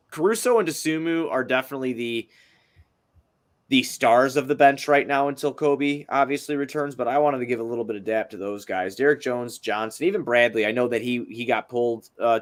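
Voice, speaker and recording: A man's voice: medium pitch, a bit bright. Rambling, profane young man podcasting. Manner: rambling, profane, laughs easily. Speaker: podcast co-host. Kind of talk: casual sports podcast chat.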